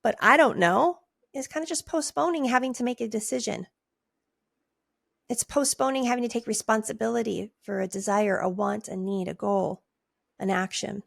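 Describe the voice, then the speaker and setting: A middle-aged woman hosting a coaching podcast, talking conversationally and acting out client replies in a higher voice. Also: vocal fry, dry recording. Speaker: podcast host and nurse life coach. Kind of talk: casual podcast teaching. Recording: dry close mic.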